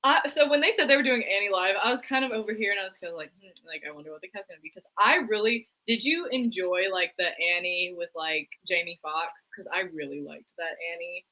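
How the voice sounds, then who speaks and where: Chatty young woman with a bright voice. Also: medium pitch, brisk, few pauses, rough recording. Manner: chatty, lots of "like", laughs easily. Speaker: co-host. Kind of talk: casual chat about theater news.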